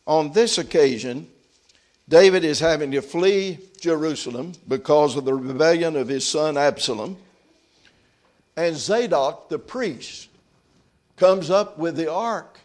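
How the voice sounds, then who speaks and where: A man preaching a sermon, reading scripture aloud and then commenting on it in quieter, reflective asides. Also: on the high side, measured pace.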